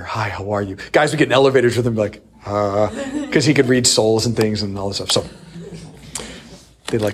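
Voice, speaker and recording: A man preaching a sermon, telling a personal story with lively acted-out quotes. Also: medium pitch. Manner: animated storyteller who acts out quoted voices. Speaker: priest.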